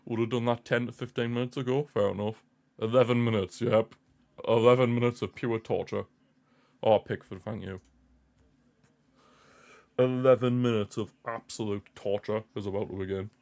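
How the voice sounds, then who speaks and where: A man's voice: medium pitch, fairly even intonation, moderate pace, creaky, pauses often, a little mellow. A young man hosting a football watchalong stream, anxious and pleading as he comments on the match live.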